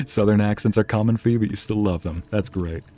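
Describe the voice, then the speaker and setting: A man with a fairly low voice chats casually with his viewers while he plays, musing aloud and reading their messages as they come in. Soft game music runs faintly under his talk. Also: lively intonation, normal speed. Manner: chatty, muses aloud and reads out chat. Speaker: streamer playing a game. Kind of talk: casual live-stream chat.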